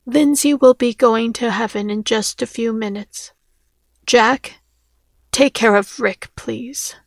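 A woman reading the lines of a calm, solemn woman who speaks of death, in a storybook reading. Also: on the high side, takes it slowly, no echo.

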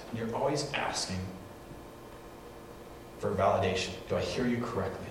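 A man preaching to a congregation, telling lively stories and acting out the voices of the people in them. He sounds far from the mic in a big echoey hall, with steady background noise. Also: lowish voice, moderate pace, pauses often. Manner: animated storytelling, acts out quotes. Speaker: pastor. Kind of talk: sermon with live demonstration.

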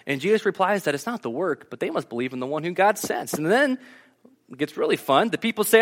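A man preaching a casual, joking sermon, retelling scripture as a lively story. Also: sits high, brisk. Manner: animated storytelling with jokes.

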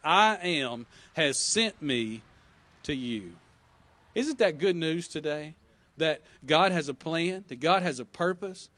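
A man preaches in an earnest, pleading way, leaning on repeated phrases. His voice sits a little high. The sound is dry and close, with soft music playing faintly underneath. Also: no echo. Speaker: pastor. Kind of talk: sermon.

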